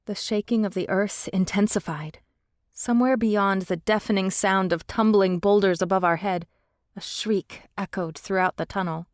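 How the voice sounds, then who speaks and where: A woman narrating a fantasy audiobook in the first person, steady and measured, on a close studio mic. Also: mid-range voice, no echo.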